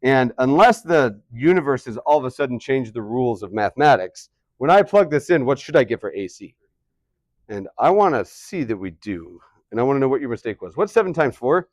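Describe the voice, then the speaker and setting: A man's voice: medium pitch, very animated, a little fast, dry recording. Male teacher, mid voice, dry room, chatty and questioning. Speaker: math teacher. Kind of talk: classroom lesson. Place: classroom.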